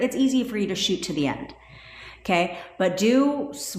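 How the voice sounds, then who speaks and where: A woman coaching her livestream audience in a loose, chatty way. She is blunt and swears freely, and she jumps between excited bursts and flat asides. Her voice sits fairly low and echoes around a roomy space. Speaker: manifestation coach. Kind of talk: casual livestream talk.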